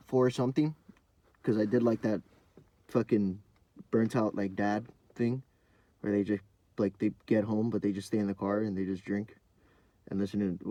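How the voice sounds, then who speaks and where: A young man hosting a podcast, telling a rambling, profane story in a casual monologue full of fillers, sometimes dropping to a low mumble. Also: dark tone, dry recording. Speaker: podcast host.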